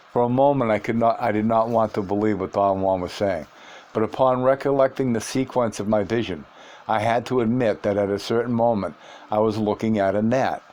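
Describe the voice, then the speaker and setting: A man reading a first-person book aloud in a measured, earnest way. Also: lowish voice, darkish tone. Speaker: audiobook reader.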